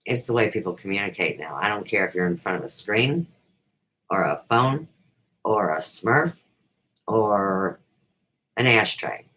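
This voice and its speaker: A woman's voice: extremely low pitch, lively intonation, a little slow, long pauses, a bit bright, low-quality recording. A middle-aged woman hosting a talk show, delivering a rambling, emphatic monologue. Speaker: host.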